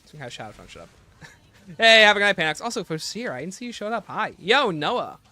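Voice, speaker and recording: In this clip, a gaming livestreamer, a young man, banters with chat while playing a zombie shooter, joking and rambling casually. He speaks high-pitched and sing-song at a brisk clip, with a bright, forceful tone and no room sound.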